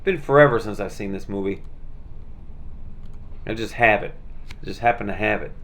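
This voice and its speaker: A man's voice: fairly low pitch, normal speed, a bit bright. A man chatting casually and rambling through his collection, with lots of fillers and restarts. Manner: rambling, many fillers and restarts, laid-back. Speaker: vlogger showing his movie collection.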